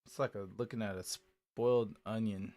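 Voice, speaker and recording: A man co-hosting a casual chat, reacting to a video with laid-back, often quiet remarks. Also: lowish voice, steady tone, normal speed.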